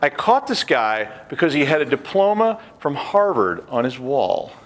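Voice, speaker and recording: Middle-aged guy on a conference stage, lively up-and-down voice, acts out the people in his stories, wry little asides. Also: mid-range voice, normal speed. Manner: animated storyteller acting out quoted people. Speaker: conference speaker. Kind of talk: conference talk.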